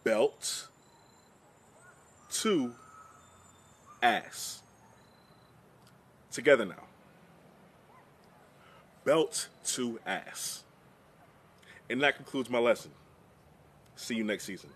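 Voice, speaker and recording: A man presenting a deadpan mock lesson in a played comedy clip. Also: medium pitch, breathy edge. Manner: deadpan, slow.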